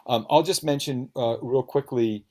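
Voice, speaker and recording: A man's voice: medium pitch, normal speed, dark tone. A man interviewing a fellow author at a book event, speaking in an earnest, emphatic, talkative way over a video call.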